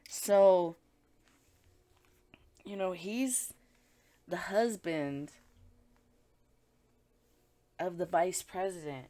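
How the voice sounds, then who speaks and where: Casual tarot reader, woman with a slightly low voice, blunt, profane, chatty delivery. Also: animated, very slow, long pauses, dark tone. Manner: chatty, blunt and profane, with frequent filler words. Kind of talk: casual tarot reading commentary.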